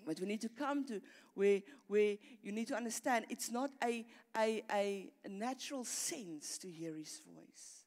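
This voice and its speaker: Middle-aged woman pastor, earnest preacher who repeats herself as she builds, mid-pitched, church hall reverb. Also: unhurried, darkish tone. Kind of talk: sermon.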